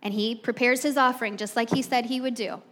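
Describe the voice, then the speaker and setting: A woman's voice: on the high side, steady tone, a little fast, fairly bright tone. A woman preaching a sermon, retelling the story in a chatty way and speaking straight to the congregation. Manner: chatty storytelling, addresses the crowd directly. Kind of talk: conversational sermon. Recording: long reverb from a hall.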